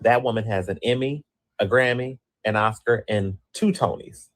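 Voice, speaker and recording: A man with a fairly low voice delivers opinionated commentary with real emphasis. He circles back and repeats his points for weight. The sound is dry and close. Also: moderate pace, no echo. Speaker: co-host.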